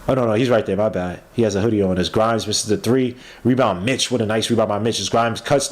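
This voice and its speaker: Excitable man calling a live game. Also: lowish voice, quick pace, few pauses, a little hiss or hum. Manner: excitable, yells at plays, trails off mid-word. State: tired. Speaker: podcast host doing a game watch-along. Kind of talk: casual live play-by-play commentary.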